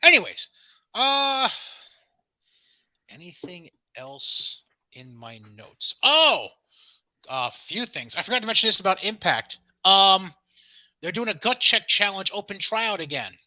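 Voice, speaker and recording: A man's voice: sits high, unhurried, dry recording. A man co-hosting a casual wrestling podcast, profane and teasing as he runs through the news. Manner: profane, teasing, lively storyteller. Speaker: podcast co-host.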